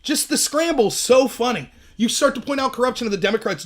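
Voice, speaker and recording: A man's voice: animated, a little fast, hardly any pauses, a bit bright. A man hosting a solo political commentary livestream, ranting emphatically and mocking opponents while reading out chat messages. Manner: sarcastic, mocks opponents in high shrill voices; reads and answers live chat.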